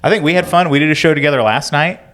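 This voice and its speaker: A man's voice: on the high side, racing, fairly bright tone. A man co-hosting a comedy podcast, telling a history story in an easygoing, wry way. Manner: easygoing, laughs along, wry. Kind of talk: casual storytelling chat.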